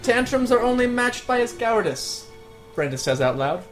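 A man playing a tabletop game, speaking with frequent pauses and filler words. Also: very high voice, very animated, faint music behind. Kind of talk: in-character table talk.

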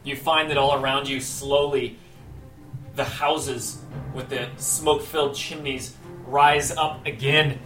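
A man's voice: medium pitch, fairly even intonation, slow pace, sharp tone, soft background music. A man narrating a tabletop game as game master, describing scenes with many fillers. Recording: echoey room.

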